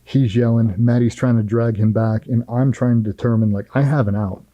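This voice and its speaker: A man's voice: medium pitch, steady tone, brisk, warm tone, no echo, highs cut off. A middle-aged man, a former Navy SEAL, telling a firsthand war story in an interview in a blunt, profane, vivid way.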